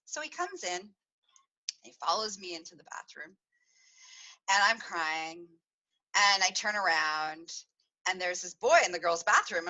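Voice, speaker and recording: This woman hosts a podcast and tells a confessional story in a loose, rambling way, laughing between thoughts. Her voice is bright, with a lively, swinging pitch. She talks casually, with plenty of fillers and restarts. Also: unhurried, long pauses, low-quality recording. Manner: chatty, giggly storytelling with frequent laughs. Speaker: podcast host.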